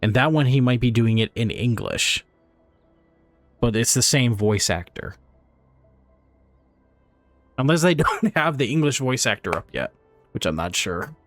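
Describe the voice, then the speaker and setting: A man's voice: medium pitch, lively intonation, a little slow, long pauses, no echo, faint music behind. A man giving casual, rambling let's play commentary, laughing and swearing as he goes. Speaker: streamer.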